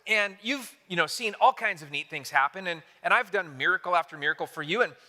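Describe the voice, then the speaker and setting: A man's voice: high voice, fairly quick, sharp tone, long reverb tail. A man voicing God, coaxing and patient.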